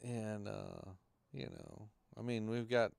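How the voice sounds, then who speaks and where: A man's voice: fairly low pitch, slow, creaky, darkish tone, clear, resonant tone, dry recording. Profane, rambling podcast host man. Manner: loose and profane, rambling through tech troubles. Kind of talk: casual live-stream chat.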